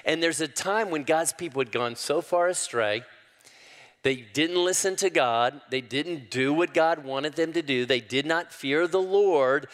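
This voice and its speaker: An older man preaching a sermon, folksy and calling the crowd y'all, rising loudly when he quotes scripture. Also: fairly high pitch, measured pace. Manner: preaching with sudden loud rises to quoted scripture. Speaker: pastor. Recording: long hall reverb.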